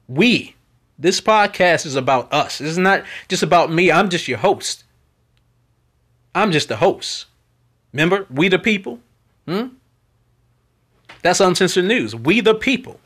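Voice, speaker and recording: A man's voice: high-pitched, fairly bright tone. A man hosting his own podcast, talking in an unfiltered, preachy monologue that repeats itself as he testifies about faith and pleads with listeners for support. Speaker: podcast host.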